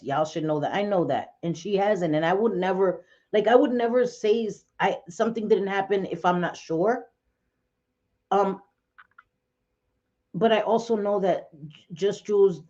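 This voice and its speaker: A woman hosting a casual livestream chat, talking bluntly and excitably, cursing and laughing often. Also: fairly low pitch, lo-fi sound. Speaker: livestream host.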